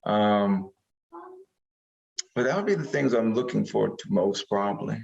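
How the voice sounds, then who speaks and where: A man, an actor being interviewed, talking casually and rambling, animated when he retells moments. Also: fairly low pitch, normal speed, creaky, muffled recording.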